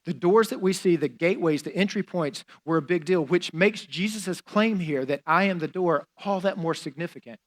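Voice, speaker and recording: A man's voice: sits high, normal speed, few pauses. A man preaching a sermon as a pastor, in a conversational style with fillers and casual asides.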